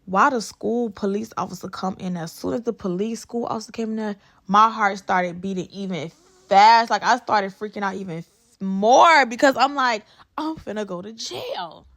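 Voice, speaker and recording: A young woman in her twenties talks straight to her viewers in a chatty, emphatic storytime. Her voice sits at an ordinary middle pitch for a woman. She keeps calling out to her audience as she goes. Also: normal speed, fairly bright tone. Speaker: beauty vlogger. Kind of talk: casual storytime to camera.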